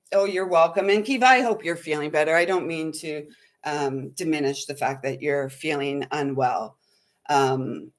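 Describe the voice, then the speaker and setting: A woman hosting a spiritual talk, rambling with many fillers in an earnest, slightly shaken way. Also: mid-range voice. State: shaky, unsettled. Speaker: spiritual channel host. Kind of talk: casual spiritual livestream talk.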